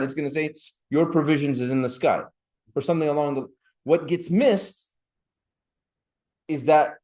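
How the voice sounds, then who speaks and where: A man with a slightly high voice lectures a seminary class on grammar. He switches between English and recited Arabic phrases and calls on students by name. His delivery stays lively and hands-on.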